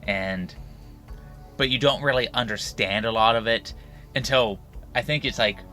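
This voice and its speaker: Bright-voiced man stammering through chat. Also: medium pitch, moderate pace, soft background music. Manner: stammering starts, laughs often, lively. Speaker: podcast co-host. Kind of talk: casual book club chat.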